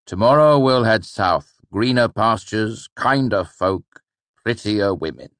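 A wry, easygoing troupe father, put on by a male audiobook narrator. He speaks in a gently teasing way, set a little above the narrator's deep voice, in a dry recording. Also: animated, slow, no room sound.

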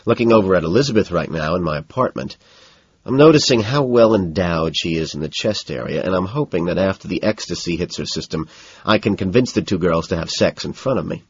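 A man narrating a novel in the first person with a flat, detached, matter-of-fact delivery, in a slightly muffled recording. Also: deep voice, a little fast, husky, no echo. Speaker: audiobook narrator.

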